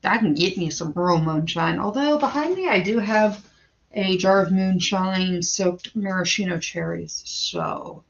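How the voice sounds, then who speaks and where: A woman in her thirties chats loosely on a livestream, her voice carrying a gravelly fry. She rambles, trips over her own restarts and keeps calling out viewers by name. The audio is dull and lo-fi. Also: fairly low pitch, measured pace, slight background noise. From western Pennsylvania, USA. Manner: rambling and chatty, greets chat viewers by name; frequent stammered restarts and filler words. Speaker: firearms livestream host. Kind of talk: casual livestream chat.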